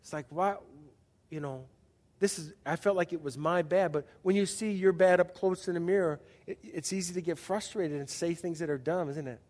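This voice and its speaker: A man's voice: fairly high pitch, moderate pace, darkish tone, in a large hall. A man pastor preaching a sermon in a conversational way, often asking the audience questions and restarting his sentences.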